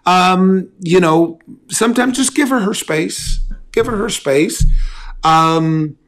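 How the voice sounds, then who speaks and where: Guy preaching slow and easy, kinda high voice, keeps repeating himself and asking "right?". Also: fairly bright tone. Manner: repetitive, folksy preaching with rhetorical questions. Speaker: pastor. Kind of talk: conversational sermon on love and relationships.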